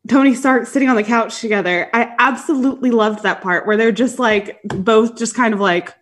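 A woman's voice: fairly high pitch, moderate pace. Woman gushing about a movie scene, casual and chatty, lots of "like". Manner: chatty, lots of likes, earnest. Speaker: podcast co-host. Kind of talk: casual movie review banter.

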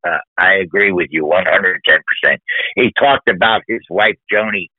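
A low, husky male voice at a moderate pace belongs to a podcast host conducting a conversational interview. He's effusive and stresses his words, full of compliments for the people he discusses. The sound is dry and narrow like a phone.

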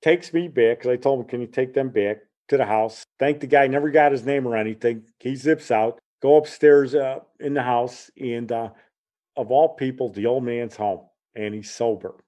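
A middle-aged man from Chicago, at medium pitch and a moderate pace, casually relates a story from his own life. He animatedly imitates the voices of everyone involved.

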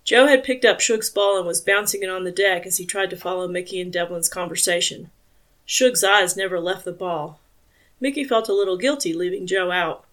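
This is scripted audiobook narration by a woman whose voice runs low, told in a calm, even, measured manner.

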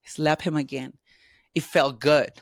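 A woman telling candid personal stories as an interview guest, lively and quick to act out the dialogue. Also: deep voice, creaky, no room sound. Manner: animated, acts out dialogue in quotes.

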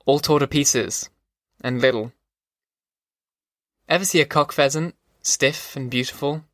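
A man's voice: medium pitch, steady tone, unhurried, a bit bright, dry recording, clean studio sound, lightly acted. A man voicing an old male army veteran who tells a haunted, folksy story around a campfire. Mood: rueful.

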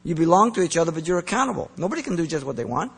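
Gravelly preacher in an echoing hall. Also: male voice, a little high, sing-song, rapid-fire. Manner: earnest, emphatic, rising to strong emphasis then dropping soft. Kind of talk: sermon. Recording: long reverb of a large hall.

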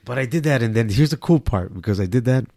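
A man tells a comedy story on a podcast, animated and profane, laughing as he goes. His voice is a little husky, and the recording is dry and close. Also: medium pitch, fast talker, dry recording. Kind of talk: casual storytelling chat.

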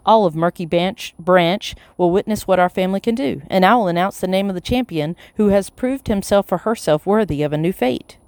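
A reader voicing a grand, theatrical elderly matriarch who speaks slowly and pompously. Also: medium pitch, darkish tone, clean tone, no echo, close to an everyday voice.

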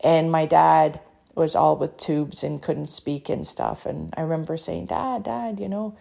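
A middle-aged woman from Canada telling a personal story with deep emotion, earnest and encouraging, her mouth dry. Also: flat delivery, a little slow, gravelly, dark tone. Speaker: author and speaker sharing a personal story.

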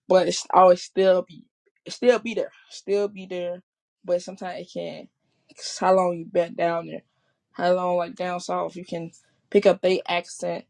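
A vlogger from Chicago, with a Chicago accent, delivers a rambling, repetitive casual monologue, often repeating and restarting. The voice is mid-range and creaky with a darkish tone.

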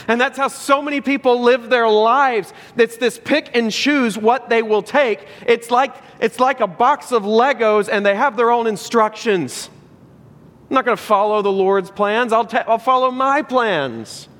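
A man's voice: high voice, a bit bright, big-room sound. A man preaching a sermon as a pastor, emphatic and repetitive, asking the congregation rhetorical questions.

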